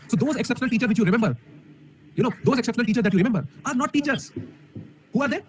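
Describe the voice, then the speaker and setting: Man, Indian English accent, high voice, emphatic live-stream teacher, faint background noise. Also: racing. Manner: energetic, emphatic, rhetorical questions. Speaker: online coding teacher. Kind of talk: live-stream talk to an audience. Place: room alone. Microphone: camera mic.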